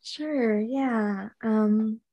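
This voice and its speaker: A young adult woman, a poet guest, speaking earnestly and reflectively and reading her poem in a soft voice. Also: a little high, extremely slow. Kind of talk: conversational interview and poetry reading.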